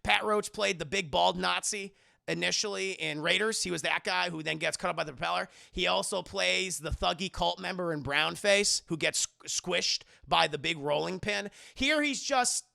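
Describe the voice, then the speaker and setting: Creaky bright-voiced guy streaming. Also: high-pitched, moderate pace, no echo, clean studio sound. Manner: profane, animated retelling. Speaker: streamer, film reviewer. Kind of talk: casual chat with live chat.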